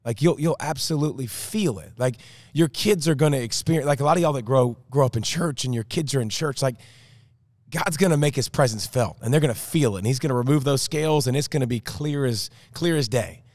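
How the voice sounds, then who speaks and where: A man's voice: medium pitch, a little fast, a little mellow, no echo. Rambling male co-host, dry close sound. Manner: rambling, with many restarts and "like". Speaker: podcast co-host. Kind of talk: casual chat.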